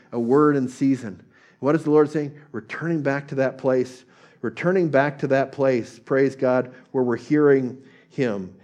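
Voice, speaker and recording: A middle-aged man preaching a sermon with earnest delivery, often dropping into soft, gentle tones. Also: medium pitch. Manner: earnest, drops to soft gentle tones when voicing God. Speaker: pastor.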